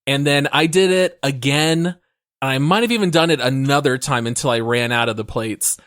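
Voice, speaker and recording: A man co-hosting a podcast in casual chat, relaxed and amused, prompting his co-host to tell the story. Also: mid-range voice, moderate pace, no room sound, clean studio sound.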